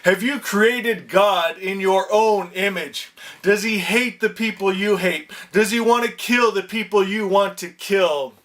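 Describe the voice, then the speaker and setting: A man in middle age delivers a passionate spiritual sermon, his voice pitched unusually high. The tone is bright and forceful, rising often into shouting as he presses his points. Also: a little slow. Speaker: spiritual teacher. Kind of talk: impassioned preaching monologue.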